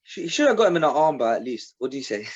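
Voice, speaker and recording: A man's voice: on the high side, sing-song, quick pace, breathy edge. Emphatic man on a dull recording. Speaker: podcast co-host. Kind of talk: casual chat.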